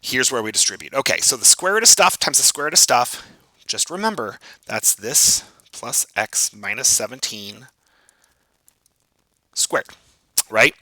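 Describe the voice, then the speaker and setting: A man's voice: medium pitch, unhurried, pauses often, no room sound, rough recording. A man teaching math in a recorded video lesson, working problems aloud and joking at his own expense as he writes. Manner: animated, self-joking, thinks aloud while writing. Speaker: math instructor.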